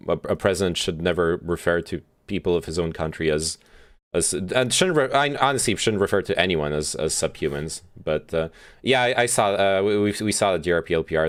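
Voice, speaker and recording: A man with a low, smooth, resonant voice talks through a played speech as a stream host. His casual commentary is halting and full of fillers and restarts as he works out his thoughts aloud.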